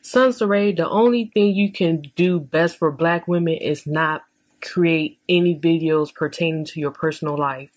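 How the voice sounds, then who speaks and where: A woman giving critical vlog commentary in a measured, deliberate and halting way. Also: sits low, no echo, poor audio. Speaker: YouTube commentator.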